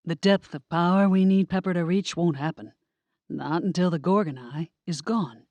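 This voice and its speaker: A woman's voice: fairly low pitch, a little mellow, dry recording, lo-fi sound, natural voice. Woman doing a firm, decisive man. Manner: firm, quick.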